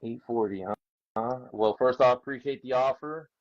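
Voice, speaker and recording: A man's voice: mid-range voice, normal speed, no room sound, lo-fi sound. A man selling comic books on a live stream, talking in a laid-back, casual way. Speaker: comic seller. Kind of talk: live sales pitch.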